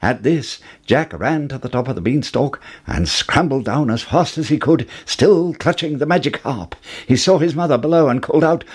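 A man narrating a fairy tale in a storybook reading, slow and expressive. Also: mid-range voice, husky.

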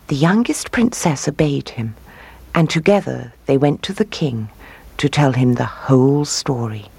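A woman reading a fairy tale aloud as storyteller, expressive and rising on key words. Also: a bass voice, measured pace, creaky, breathy edge, no room sound.

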